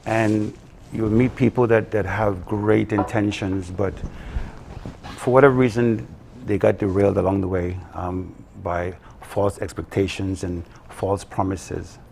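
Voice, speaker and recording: A man with a low, gravelly voice, a guest on a live morning TV interview. He speaks haltingly, with frequent ums and restarts. A faint room hum sits behind him. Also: level tone, a little mellow. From Belize. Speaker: guest, production company co-owner.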